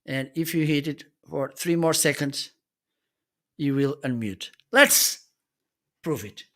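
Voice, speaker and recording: A man's voice: fairly high pitch, slow pace, pushed and bright. A man hosting a livestream, casually demonstrating gear with explanations and frequent check-ins, using slightly non-native English phrasing. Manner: explanatory, often checks in with "okay". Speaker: livestream host reviewing gear.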